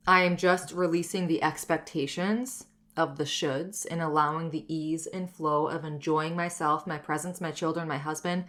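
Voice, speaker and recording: A woman's voice: lowish voice, a bit bright. A woman in her thirties hosting her own wellness podcast, talking candidly and reflectively, often saying "like" and "you know". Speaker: podcast host. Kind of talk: personal wellness podcast monologue.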